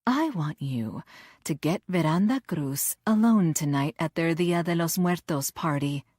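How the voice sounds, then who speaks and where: A woman's voice: deep voice, expressive, measured pace, a little mellow, dry recording, clean studio sound. A woman voicing a coolly seductive villainess. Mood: coaxing. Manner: cool, coaxing, detached. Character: cold seductive female cartel villain.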